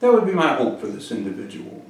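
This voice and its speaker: A man hosting a deadpan comedic monologue and answering viewer questions. He uses pompous, formal wording broken by frequent hesitant "uh" pauses. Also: medium pitch. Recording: very echoey room, mic far off.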